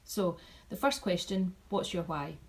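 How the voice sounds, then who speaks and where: A woman talking casually to her team, chatty and animated, repeating herself and restarting sentences as she shares notes from an event. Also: on the low side, a little slow, rough recording. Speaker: vlogger sharing event takeaways.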